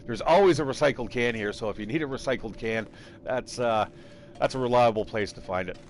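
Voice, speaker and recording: A man's voice: medium pitch, fairly quick, slight background noise. A man casually commentating his game live, rambling, thinking aloud and swearing freely. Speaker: game streamer.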